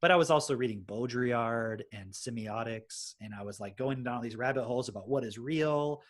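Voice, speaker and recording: Husky man telling his story. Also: medium pitch, fairly quick. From Texas. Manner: swears freely, animated retelling. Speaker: podcast host. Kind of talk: casual storytelling chat.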